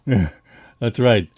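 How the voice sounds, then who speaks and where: A man's voice: mid-range voice, a little mellow, husky, no room sound. A middle-aged man co-hosting a casual livestream about comic art, rambling with many restarts and laughing often. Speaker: co-host of a comics history show.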